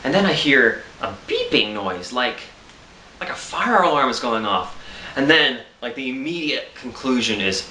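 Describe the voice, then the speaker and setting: A man's voice: mid-range voice, big pitch swings, unhurried, bright, forceful tone, echoey room, slight background noise. A tired man telling a rambling, self-amused story in a casual vlog, with frequent laughs and restarts. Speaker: vlogger.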